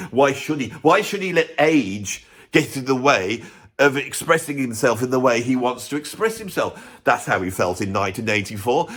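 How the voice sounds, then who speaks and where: A man, a drummer and music vlogger, giving a sarcastic, animated, opinionated rant to camera. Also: mid-range voice. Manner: sarcastic, animated, self-mocking.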